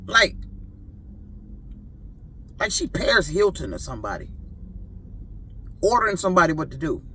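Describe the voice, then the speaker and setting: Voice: mid-range voice, moderate pace, slight background noise. Indignant driver in their fifties. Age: 50s. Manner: animated, profane, indignant. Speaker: rideshare driver. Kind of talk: ranting storytime vlog.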